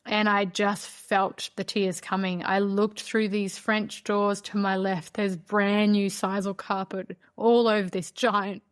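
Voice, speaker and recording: A woman's voice: medium pitch, little pitch movement, slow, hardly any pauses, clear, resonant tone. A woman hosting a podcast, telling a personal story in a candid, conversational way, with a lot of "like" and a heartfelt tone. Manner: candid, conversational, frequent "like" fillers. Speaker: podcast host.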